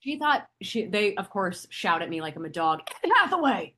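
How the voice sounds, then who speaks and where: A young adult woman co-hosting a podcast in casual chat, animated and swearing, acting out the voices of people in her stories. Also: lowish voice, normal speed, a little hiss or hum. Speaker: podcast co-host.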